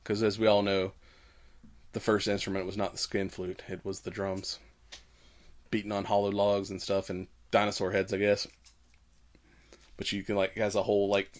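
A man co-hosting a casual podcast, recapping a movie with frequent laughter and quick quoted voices. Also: on the low side, sharp tone. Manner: laughs often, retells scenes doing quick quoted voices. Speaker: podcast co-host.

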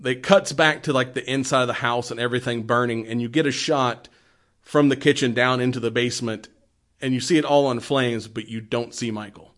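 A man talks through a film scene by scene in loose, rambling chat at an ordinary middle pitch. He swears freely and laughs often as he goes. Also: steady tone, brisk, a bit bright. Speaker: podcast co-host. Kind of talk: casual chat.

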